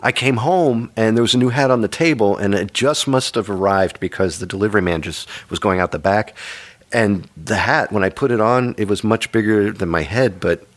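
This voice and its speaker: A man with a very low, deep voice hosts a relaxed podcast chat. He rambles through stories and jokes, often amused by his own punchlines. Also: moderate pace. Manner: rambling, jokey, self-amused. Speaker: podcast host. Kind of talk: casual chat.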